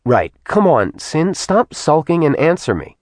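A man's voice: fairly high pitch, very animated, a little slow, no echo, voice pushed up. A man voicing a bold, mocking young woman in a storybook reading. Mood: teasing. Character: sassy, teasing young woman.

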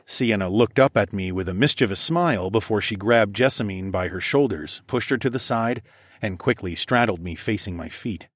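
A man narrating an adult story in the first person, with a low, steady reading that livens up in his character's quoted lines. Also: moderate pace, no room sound, clean studio sound.

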